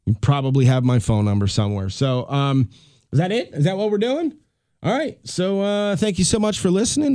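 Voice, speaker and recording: A man's voice: fairly high pitch, big pitch swings, fairly quick, mellow, no room sound, studio quality. A middle-aged man hosting his own podcast, talking in a rambling, chatty, self-deprecating way. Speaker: podcast host. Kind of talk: casual solo podcast monologue.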